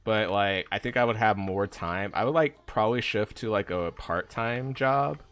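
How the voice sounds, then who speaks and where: A man's voice: lowish voice, moderate pace, a bit bright, smooth. A young man chatting casually on a live gaming stream, rambling with lots of fillers as he answers chat.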